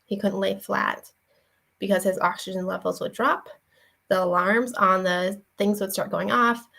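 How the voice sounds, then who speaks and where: A young woman, a faith vlogger and parent, gives a casual devotional talk, earnest and conversational, sharing a personal story with many fillers and restarts. Her mid-range voice is steady, a little slow, creaky and sharp-toned, on a low-quality recording.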